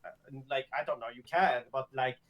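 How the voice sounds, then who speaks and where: A man's voice: mid-range voice, fairly quick, a bit bright. A man venting in an upset rant while roleplaying a character, trailing off in fillers. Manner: upset, ranting with many fillers. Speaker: roleplay player.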